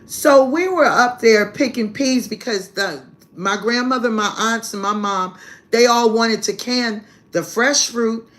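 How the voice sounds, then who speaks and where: A woman's voice: on the high side, measured pace, a bit bright. Brash, profane woman telling a story. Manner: brash and profane, calls listeners "baby"; laughs heartily through the story. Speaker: spiritual reader hosting a live stream. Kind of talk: casual storytelling to a live chat.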